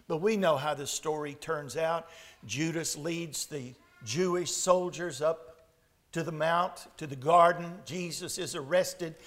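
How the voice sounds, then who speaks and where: A man preaching a sermon, retelling a Bible story with dramatic shifts between loud and hushed delivery. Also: a little high.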